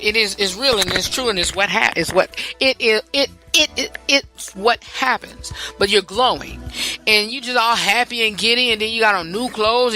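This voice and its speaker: A woman's voice: mid-range voice, sharp tone. A woman hosting a podcast, talking in a rambling, chatty way, often repeating herself. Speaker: podcast host. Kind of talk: casual talk-show monologue.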